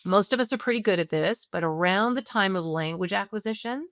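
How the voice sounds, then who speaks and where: A woman as a parenting expert guest, explaining in a conversational teaching style, animated and earnest, walking through examples step by step. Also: mid-range voice, brisk, no echo, clean studio sound. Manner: animated, acts out parents and kids in quoted voices.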